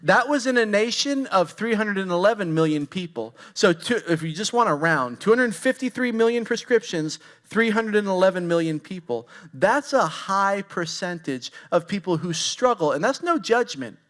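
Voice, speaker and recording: Pastor, male, 40s, high-pitched; relaxed, candid storytelling preaching that addresses the room directly. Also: moderate pace, hardly any pauses. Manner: candid, storytelling, talks straight to the congregation. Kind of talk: conversational sermon.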